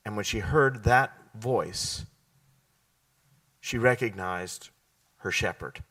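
A man preaching a sermon, often asking his listeners questions and answering them, sometimes dropping to a hushed, slow delivery. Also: on the low side, recorded from a distance. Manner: drops to a hushed, slow delivery at key points.

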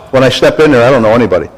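A man's voice: medium pitch, breathy edge. An older man preaching a sermon as pastor, exhorting the congregation and calling for responses, with a recurring cough. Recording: echoey church hall.

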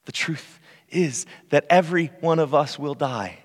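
A pastor delivering a sermon in a church, telling stories earnestly and dropping to quiet, hushed passages. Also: male voice, fairly high pitch, measured pace. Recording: long reverb of a church hall.

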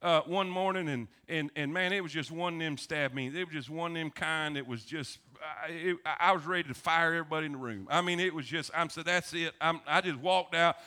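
A pastor, preaching a sermon and telling stories with emphasis and humor. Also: male voice, a little high, fairly quick, few pauses, sharp tone.

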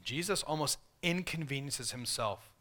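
A man preaching a sermon in a conversational way, voicing the tempter's questions in softer, lower tones. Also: expressive, normal speed. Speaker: pastor.

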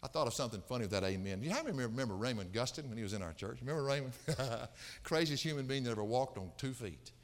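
A pastor preaching an expository sermon, emphatic and repeating phrases to drive points home. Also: male voice, medium pitch, animated, fast talker, long reverb tail. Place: church sanctuary.

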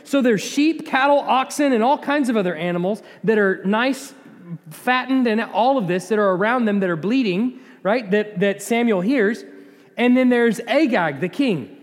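A man preaching a sermon in a conversational, animated way, often acting out the voices of the people in the story. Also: high voice, moderate pace, long reverb tail. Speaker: pastor.

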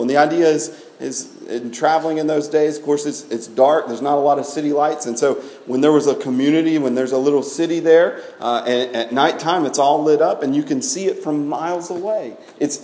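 Emphatic preacher with a slightly high voice. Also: male voice, warm tone. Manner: emphatic, rhetorical questions, frequent word repeats. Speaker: pastor. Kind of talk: sermon.

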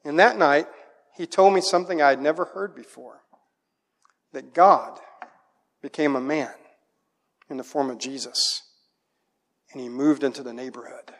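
A middle-aged man with a high, bright speaking voice preaches to a congregation, weaving personal stories into his sermon. He tells them with lively energy, and his words ring out with a long hall echo. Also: moderate pace, pauses often. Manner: animated storytelling, acts out a child's voice in quotes. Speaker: pastor.

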